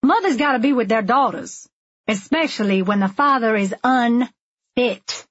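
A woman's voice: high-pitched, lively intonation, normal speed, slightly rough, no room sound, dull audio, pitched above the performer's own voice. A woman voicing a pushy, nosy woman who demands answers in a food pantry line, in an audiobook reading. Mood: sharp.

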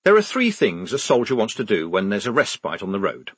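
A man's voice: fairly low pitch, huge pitch swings, fairly quick, fairly bright tone, breathy edge, no room sound. A man reading a comic novel aloud with dry, wry delivery on a close studio mic. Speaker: narrator. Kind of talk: audiobook narration.

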